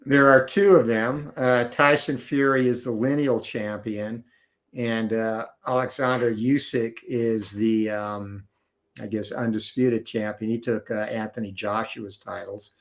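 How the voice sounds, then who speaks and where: A man's voice: medium pitch, fairly even intonation, measured pace. A man chatting as a guest, explaining sports knowledgeably with frequent "uh" and "you know" fillers. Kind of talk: casual chat.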